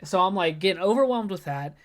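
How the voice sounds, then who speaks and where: This podcast co-host talks fast, his voice high-pitched and fairly bright with lively intonation. His casual, anxious story rambles along, heavy on profanity and the word "like," as he grows more and more worked up.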